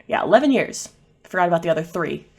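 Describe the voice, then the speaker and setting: Woman game master, low voice. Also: animated, fast, creaky, a little mellow, breathy edge, soft background music. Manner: casual, lots of fillers. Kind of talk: narrating a tabletop game.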